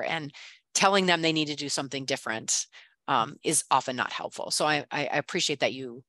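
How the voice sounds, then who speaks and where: Fast, bright-voiced facilitator, animated, dry close sound. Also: mid-range voice, no room sound. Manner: animated, acts out quoted remarks. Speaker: session facilitator. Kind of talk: clinical teaching discussion. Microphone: video call.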